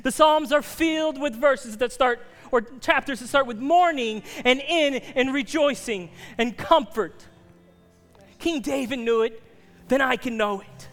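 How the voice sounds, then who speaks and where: High-voiced pastor pleading at an altar call. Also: male voice, unhurried, big-room sound, faint music behind. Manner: earnest, pleading, drops to soft near-whispers.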